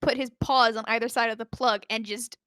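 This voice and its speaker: A woman's voice: a little high, fairly even intonation, brisk, fairly bright tone, smooth, no echo, studio quality. A woman playing a tabletop role-playing game, describing her character's actions in a chatty, rambling way. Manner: chatty, lots of likes and restarts. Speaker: player. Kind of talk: tabletop role-play chat.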